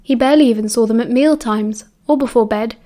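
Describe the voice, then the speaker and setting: A woman with a British accent reading a novel aloud as an audiobook narrator, in a measured, steady way. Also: on the high side.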